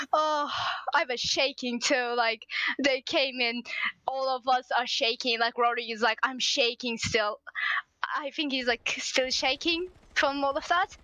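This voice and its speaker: High bright excited woman storyteller. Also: slow, long pauses, no room sound, rough recording. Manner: animated, acts out shouted quotes.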